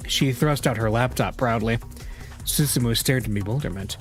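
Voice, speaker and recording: A man reading a story game's text aloud in an even narrating voice. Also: mid-range voice, normal speed, soft background music. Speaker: let's-play narrator.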